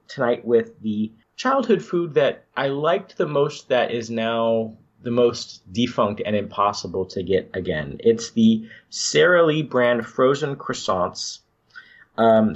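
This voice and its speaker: A man's voice: mid-range voice, dull audio. A man hosting a podcast, chatting casually and enthusiastically with some rambling restarts. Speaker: podcast host.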